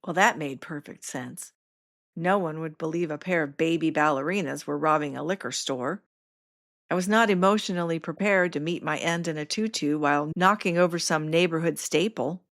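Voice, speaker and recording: Low-voiced woman reading a wry memoir. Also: moderate pace, fairly bright tone. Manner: wry, self-mocking humor. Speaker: podcast host reading her memoir. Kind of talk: first-person memoir narration.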